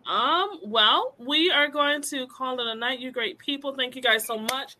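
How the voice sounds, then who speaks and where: A woman's voice: high voice, moderate pace, pushed and bright, a little hiss or hum. A woman co-hosting a casual online show, signing off and plugging her next episode. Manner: laughing, brief agreeing asides. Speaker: show host. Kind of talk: casual livestream chat.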